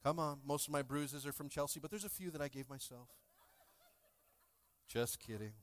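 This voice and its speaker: His voice a little high and his pace moderate, a pastor in his thirties preaches in the church sanctuary. The sermon is packed with jokes and playful asides to the congregation, alternating loud bursts with soft asides.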